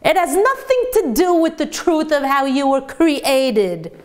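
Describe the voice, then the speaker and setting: A woman teacher giving a sermon-style Torah lesson, telling stories lively and laughing along the way. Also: high voice, a little slow.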